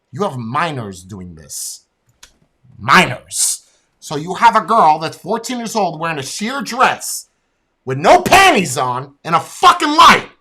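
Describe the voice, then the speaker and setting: A man hosting a podcast, telling a blunt, profane and animated story in a casual rant. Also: high-pitched, breathy edge. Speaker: podcast host.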